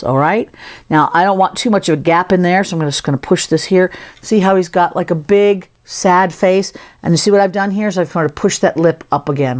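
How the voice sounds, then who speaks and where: A woman giving a casual, playful sculpting tutorial, chatting as she works. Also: lowish voice. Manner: chatty, playful, talks while working. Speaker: sculpting instructor.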